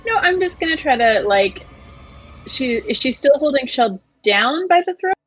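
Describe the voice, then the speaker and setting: A woman playing a tabletop game, speaking tentatively with fillers. Her voice is breathy and fairly high. Faint music sits behind her. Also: lively intonation, moderate pace, low-quality recording. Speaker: player. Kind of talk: tabletop role-play.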